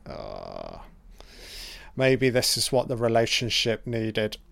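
A man's voice: mid-range voice, a little slow, smooth. A man giving a casual, sweary live commentary over a film as it plays.

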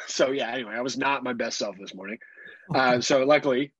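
Podcast dad, thirties, swears freely and rambles with laughs; husky voice on a dull, dry mic. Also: male voice, mid-range voice, brisk, no echo. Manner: profane, rambling, laughs often. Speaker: podcast co-host. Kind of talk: casual chat.

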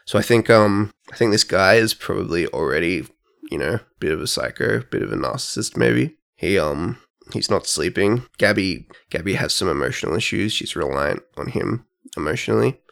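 A young man co-hosting a podcast, talking casually and thinking aloud with pauses. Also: low voice, animated, vocal fry, a bit bright. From Australia. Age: young adult. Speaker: podcast co-host. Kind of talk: casual chat.

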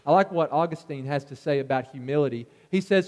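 Male preacher, sermon, high pitched, earnest, builds to emphatic peaks, reverberant church hall. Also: a little fast, few pauses, a little mellow. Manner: earnest, builds in pitch and force on key points.

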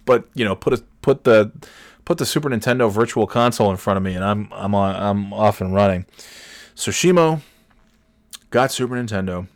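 Animated man telling a story, deep voice. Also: moderate pace, no echo. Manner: animated, swears freely, acts out quotes with big shouts. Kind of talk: casual storytelling.

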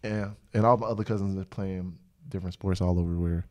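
A man's voice: low-pitched, fairly even intonation, fast talker, a little mellow. A man hosting a podcast in casual chat, a rambling storyteller who laughs often. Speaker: podcast host.

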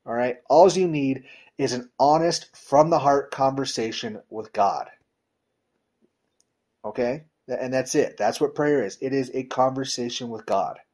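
Husky-voiced man preaching casually. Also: a little slow. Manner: informal, direct, often addresses listeners with "you know" and "right?"; emphatic swings in pitch and loudness. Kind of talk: conversational sermon.

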